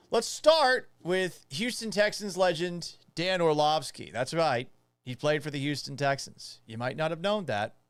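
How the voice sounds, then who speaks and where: An opinionated male sports host talks with animated, sarcastic energy. His voice sits a little high and moves around a lot. The studio sound is close and dry. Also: no echo. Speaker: sports radio and podcast host.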